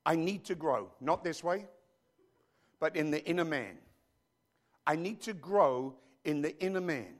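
A man preaching a sermon as pastor, animated and joking, with frequent asides to his congregation. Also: on the high side, measured pace, pauses often.

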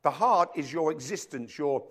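A middle-aged male pastor preaching a sermon, reading scripture and telling jokey stories with loud acted quotes. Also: a little high, expressive, moderate pace. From rugby-playing country, emigrated to Africa.

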